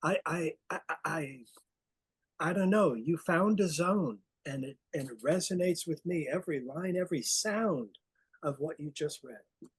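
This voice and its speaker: An audience member giving halting, stammering praise after a reading. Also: medium pitch, husky, dry recording.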